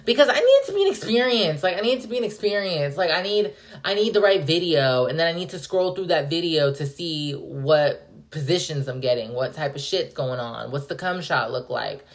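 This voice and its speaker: A young woman hosting a podcast, rambling and cursing in an animated, casual rant. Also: sits low, moderate pace. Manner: profane, animated, rambling with frequent "like". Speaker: podcast host.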